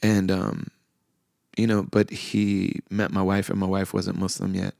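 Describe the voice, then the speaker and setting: A middle-aged man hosting a podcast, softly telling a heartfelt personal story with quoted dialogue. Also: low voice, monotone, a little slow, gravelly, dry recording, clean studio sound. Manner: soft-spoken, heartfelt, with frequent fillers and quoted dialogue. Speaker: podcast host.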